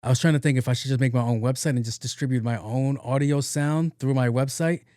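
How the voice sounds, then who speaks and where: A man's voice: medium pitch, fairly even intonation, quick pace, dark tone, dry recording, clean studio sound. A young adult man hosting his own podcast, telling funny stories in a casual, joking way and acting out both sides of the conversations. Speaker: podcast host. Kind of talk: casual solo podcast monologue.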